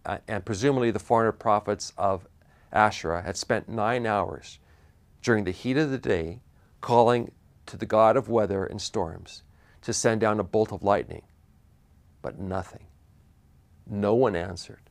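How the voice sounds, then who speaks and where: A man preaching a sermon, retelling a Bible story with animated asides and frequent restarts. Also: lowish voice, vocal fry.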